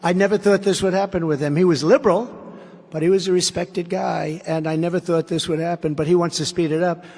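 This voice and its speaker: A man's voice: sits high, fairly even intonation, a little fast, darkish tone. A man making a campaign rally speech in a large arena, combative and repetitive, with sarcastic asides. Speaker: politician addressing a rally. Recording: long arena reverb.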